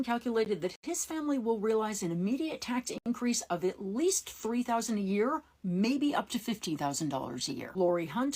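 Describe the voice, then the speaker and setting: A woman urgently addressing viewers with a persuasive political explainer. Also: medium pitch. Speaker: political commentator.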